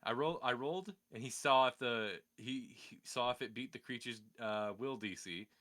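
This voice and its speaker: A man in casual chat, telling a tabletop game story in an animated way, laughing along. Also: medium pitch, moderate pace. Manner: animated storyteller, acts out quotes, laughs a lot.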